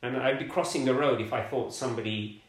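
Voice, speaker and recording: A middle-aged man from London recalls his life in a relaxed interview. He speaks in a halting way, often repeating a word before going on. His voice sits at a middle pitch, and the room around him gives it a roomy echo. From London, England. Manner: halting, repeats words while searching for them. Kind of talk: conversational life story.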